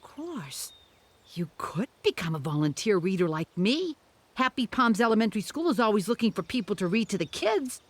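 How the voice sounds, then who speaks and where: An actress voicing a kind, encouraging grown-up female hippo in a cartoon, gently teasing her friend. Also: mid-range voice, big pitch swings, normal speed, no echo.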